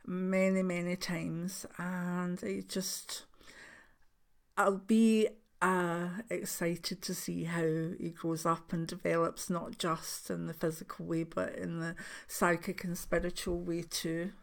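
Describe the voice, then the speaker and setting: An older Scottish woman, a grandmother, chatting to her viewers in a rambling, emotional way, with soft laughs. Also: on the low side, level tone, takes it slowly, gravelly. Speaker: spiritual channel host. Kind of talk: casual chat to camera.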